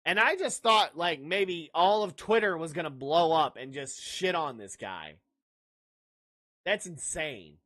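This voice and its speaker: A man's voice: a little high, lively intonation, unhurried, sharp tone. A man hosting a livestreamed sports podcast, talking brashly and ranting back at his chat. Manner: brash, ranting, blurts dismissive outbursts; jokey, laughs at own lines.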